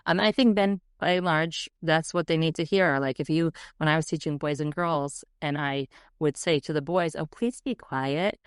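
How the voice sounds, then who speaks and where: A woman educator and author speaking as a podcast guest, animated and often acting out quoted voices. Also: sits low, normal speed, clear, resonant tone, dry recording, studio quality. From United States. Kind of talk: podcast interview.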